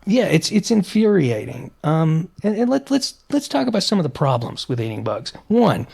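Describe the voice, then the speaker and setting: A man co-hosting a podcast, chatting in an animated, opinionated way with frequent restarts. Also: on the high side, normal speed, gravelly, breathy edge. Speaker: podcast co-host. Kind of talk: casual podcast chat.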